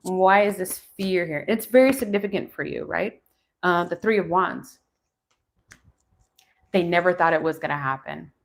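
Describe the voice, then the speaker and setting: A woman in her forties reads tarot live, musing as she turns cards and speaks to her viewers. Her fairly low, gravelly voice moves at a normal speed, broken by long pauses.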